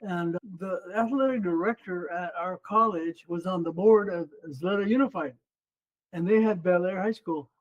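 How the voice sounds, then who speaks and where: An older man in his seventies tells stories from his coaching days in a high, lively voice. He slips into the voices of the people he quotes. The audio sounds dull and muffled. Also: normal speed. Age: 70s. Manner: animated, acts out quoted voices. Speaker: guest, former runner and coach. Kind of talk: storytelling in an interview.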